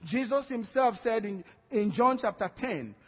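Nigerian preacher guy, high husky voice, calls for amens, echoey hall on a dull recording. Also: expressive, unhurried. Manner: emphatic preaching with call-and-response amens. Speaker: pastor. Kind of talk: sermon. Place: church hall. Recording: dull lo-fi sound with long hall reverb.

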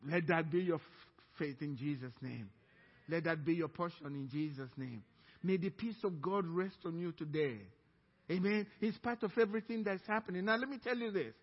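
A man's voice: fairly high pitch, normal speed, in a large hall, dull audio. A man preaching as a pastor, with emphatic delivery that draws the congregation in to repeat lines after him. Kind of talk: sermon. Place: church sanctuary.

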